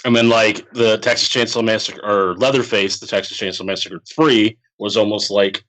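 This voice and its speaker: A man with a lowish voice chats casually on a podcast. He rambles through fillers and breaks into laughter often. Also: fairly even intonation, normal speed, a bit bright, rough recording. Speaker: podcast co-host.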